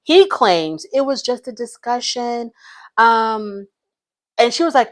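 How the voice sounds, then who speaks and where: A woman's voice: fairly high pitch, animated, slow pace. A woman giving casual, opinionated commentary on a reality show, frank and blunt.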